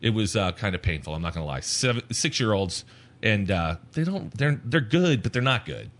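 A man in his forties co-hosting a podcast, telling animated stories with frequent laughter. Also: fairly low pitch, brisk. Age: 40s. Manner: animated storyteller, laughs often, mimics voices. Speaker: podcast co-host. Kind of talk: casual podcast chat.

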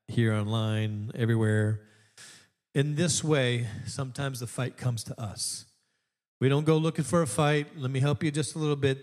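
A man's voice: mid-range voice, a little mellow. A middle-aged male pastor preaching a sermon to an online audience in a conversational way, with laughing asides and emphatic repetitions. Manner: builds to emphatic repeated lines.

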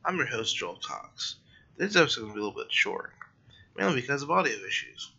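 A man's voice: medium pitch, very animated, fairly quick, gravelly, bright, forceful tone, slightly rough, highs cut off. A tired man hosting a casual solo podcast late at night, rambling and correcting himself as he goes. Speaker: podcast host.

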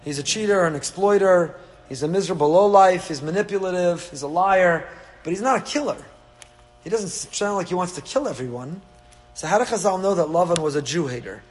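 A man teaching a Torah class, asking rhetorical questions and dropping dry asides. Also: fairly high pitch. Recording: echoey hall with faint hum.

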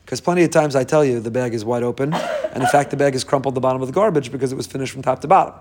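A man teaching Torah in a relaxed, chatty way, poking fun at himself as he goes. His mid-pitched voice jumps up sharply when he stresses a point. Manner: humorous, self-deprecating, conversational. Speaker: Jewish religious teacher. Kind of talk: informal Torah talk.

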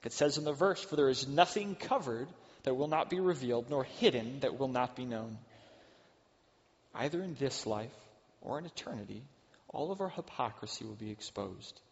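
A middle-aged man giving a sermon as a pastor, earnest, rising to loud emphasis and dropping to hushed asides. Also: medium pitch, lively intonation, normal speed, creaky. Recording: dull sound with long hall reverb.

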